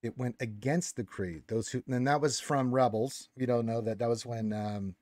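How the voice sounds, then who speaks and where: A man's voice: mid-range voice, moderate pace, darkish tone, dry recording, studio quality. A man hosting a casual fan discussion, explaining lore at length with restarts and notes read aloud.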